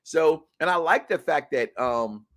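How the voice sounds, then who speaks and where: A man co-hosting a live review stream, joking in animated, loud-and-soft bursts. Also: on the high side, measured pace. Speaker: co-host of a reality show review.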